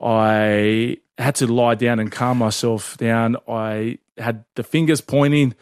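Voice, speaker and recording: A man co-hosting a casual sports chat, telling stories in a chatty, animated way. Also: medium pitch, takes it slowly, clean tone, no room sound, studio quality. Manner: chatty, animated storyteller, laughs often. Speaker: podcast co-host.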